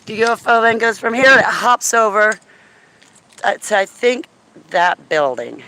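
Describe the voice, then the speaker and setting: A woman telling a story to her viewers in an excitable, chatty way while walking outdoors on a city street, often checking in with "right?". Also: a little high, moderate pace. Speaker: vlogger. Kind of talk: casual storytelling to camera.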